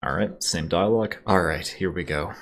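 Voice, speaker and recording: A man's voice: sits low, normal speed, creaky. A man hosting a let's play, reading game text and chatting wryly over gameplay. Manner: relaxed, wry, easygoing. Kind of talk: casual gameplay commentary and story reading.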